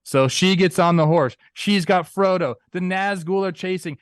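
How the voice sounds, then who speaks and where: A young man co-hosting a casual sports talk show, animated and playful, acting out quotes in goofy voices. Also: high voice, normal speed, no room sound, studio quality. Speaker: podcast co-host.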